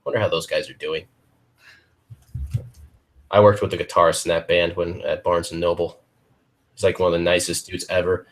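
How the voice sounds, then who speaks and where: A young man co-hosting a casual chat podcast, with a voice that sits a little low. He wanders through his stories, restarts sentences and leans on "like" and "dudes". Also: level tone, moderate pace, long pauses. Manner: rambling storyteller, repeats himself, says "like" and "dudes". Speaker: podcast co-host.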